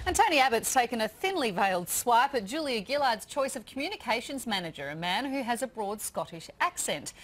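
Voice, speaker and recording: A woman hosting a TV news show, reading headlines briskly and laughing easily with her co-hosts. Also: medium pitch, a little hiss or hum. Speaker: news host. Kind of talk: news reading and studio banter. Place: TV studio.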